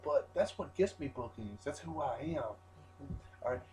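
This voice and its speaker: A man's voice: a little high, lively intonation, moderate pace, dark tone, a little hiss or hum, rough recording. A wrestler in a rambling, defiant interview rant, swearing constantly and restarting his sentences.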